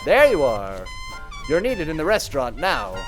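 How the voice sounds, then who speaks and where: A man's voice: fairly high pitch, wildly swooping pitch, normal speed, soft background music. A man voicing a polite male ship steward who speaks formally and deferentially. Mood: courteous.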